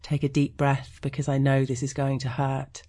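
Frank British woman with a husky tone, reading her own erotic story with dry humour. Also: very deep voice, monotone, mellow. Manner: frank and wry, slowing to intimate detail. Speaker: sex blogger.

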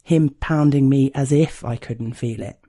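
A man reading a first-person erotic story in a slow, intimate, hushed way. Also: medium pitch. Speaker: narrator.

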